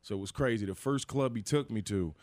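A man's voice: fairly low pitch, fairly quick, darkish tone, dry recording. Laid-back man with slangy delivery. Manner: laid-back slangy storytelling, quotes others in voices. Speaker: comedian, guest. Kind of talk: casual podcast chat.

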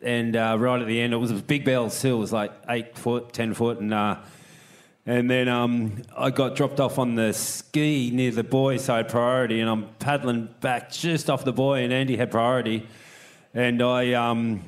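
A man's voice: medium pitch, fairly even intonation, normal speed. A middle-aged man, a former pro surfer, telling stories in casual chat, with many fillers and restarts. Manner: rambling, full of fillers and restarts. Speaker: guest, retired pro surfer.

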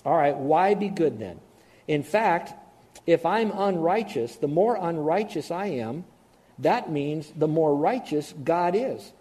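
Brief: preacher voicing a self-satisfied male sinner, gleeful, high and rising. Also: expressive, slow pace, dark tone. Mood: smug, gleeful. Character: smug man justifying his own sinning.

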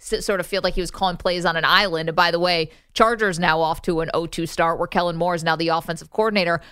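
A woman's voice: fairly low pitch, fairly even intonation, fast talker, fairly bright tone, clean tone, no echo. Upbeat lady hosting sports radio, playful banter, dry close mic. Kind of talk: casual sports talk radio.

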